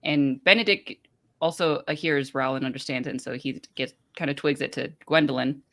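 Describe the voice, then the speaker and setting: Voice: mid-range voice, steady tone, brisk, pushed and bright. A podcast host recapping book chapters in a casual, rambling way with many hesitations.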